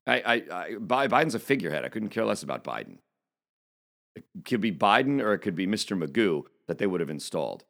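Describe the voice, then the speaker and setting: A man's voice: fairly low pitch, very animated, fast talker, gravelly, fairly bright tone. A man giving an indignant opinion monologue as a political commentator, speaking emphatically. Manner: emphatic, indignant, reads quotes aloud.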